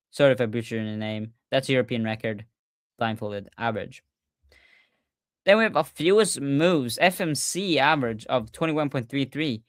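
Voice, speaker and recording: A young man hosting a casual livestream recap, talking excitedly, often stumbling and repeating himself. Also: mid-range voice, no room sound, clean studio sound. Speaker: podcast host.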